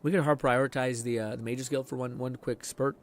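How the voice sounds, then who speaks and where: A hoarse man casually commenting on a game as he streams it, rambling, swearing freely and reading chat messages aloud. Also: mid-range voice, fairly even intonation, brisk.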